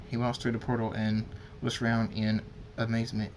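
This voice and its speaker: A man's voice: fairly low pitch, monotone, a little fast, darkish tone, slight background noise. Man reading a fan story aloud. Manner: plain with small slips and restarts. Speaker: fan fiction reader.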